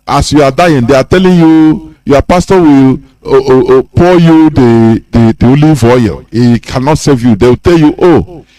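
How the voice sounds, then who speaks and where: A Nigerian man hosting a radio broadcast, talking in a fiery, preaching way that bursts into shouting. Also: medium pitch, moderate pace, few pauses, poor audio. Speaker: radio host. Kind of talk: impassioned broadcast talk.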